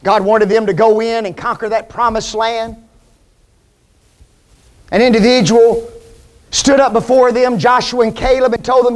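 A man's voice: extremely high pitch, fairly even intonation, a little slow. A man preaching a sermon, emphatic, with rhetorical questions to the congregation.

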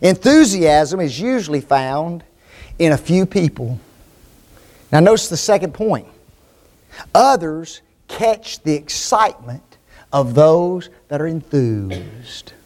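A man preaching a sermon, emphatic, full of rhetorical questions and swings between loud and hushed delivery. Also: fairly high pitch, sing-song, takes it slowly.

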